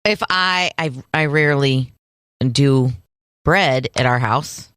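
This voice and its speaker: A woman co-hosting a casual podcast, chatty and quick to laugh. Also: a bass voice, fairly bright tone, smooth, no room sound, studio quality. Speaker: podcast co-host. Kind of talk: casual chat.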